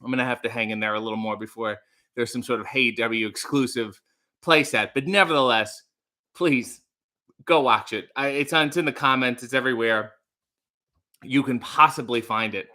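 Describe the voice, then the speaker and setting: A man's voice: mid-range voice, normal speed, pushed and bright. A young man hosting a casual livestream, rambling playfully with sarcastic asides while reading out chat messages. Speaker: livestream host.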